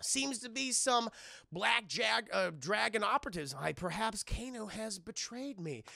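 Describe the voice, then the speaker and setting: Brief: man voicing a scheming sorcerer king, offhand mock-innocent delivery, lively intonation. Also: high voice, unhurried, creaky, no room sound, clean studio sound, exaggerated voice. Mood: smug. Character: smug scheming male sorcerer ruler.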